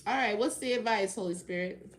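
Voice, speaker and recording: A woman's voice: medium pitch, a little fast, noisy background. A woman doing a tarot reading on a casual livestream, talking back to chat commenters with a sarcastic, swearing edge. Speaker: tarot reader answering a live chat.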